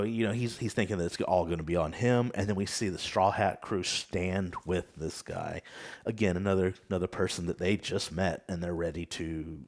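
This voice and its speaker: A man hosting a casual podcast discussion, recapping in a measured, thoughtful way with some hesitations. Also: deep voice. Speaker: podcast host.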